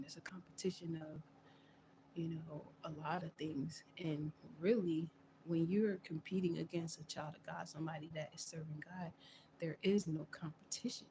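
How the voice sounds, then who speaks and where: Woman on a livestream, gravelly voice, earnest and kinda repetitive, faint hiss behind. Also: low voice, warm tone. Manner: earnest, repetitive, loops back on phrases. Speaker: livestream host. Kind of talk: casual religious monologue.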